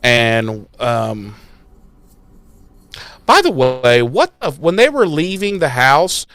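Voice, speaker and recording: A man co-hosting a podcast, recapping an episode in a profane, sarcastic, animated way. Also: mid-range voice, slow, no room sound. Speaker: podcast co-host. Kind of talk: casual recap chat.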